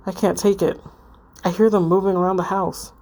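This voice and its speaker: A woman's voice: medium pitch, flat delivery, moderate pace, a little mellow, lightly acted. A woman reading the lines of a frightened teenage girl haunted by ghosts, in a tense, plain text-message delivery. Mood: scared.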